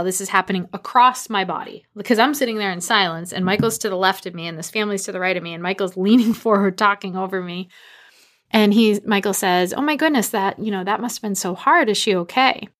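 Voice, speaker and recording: A woman in her thirties from the Boston area tells a personal story. Her voice sits at an average pitch. She lives the story as she goes, bringing the dialogue to life with animated energy. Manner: animated, acts out quoted dialogue.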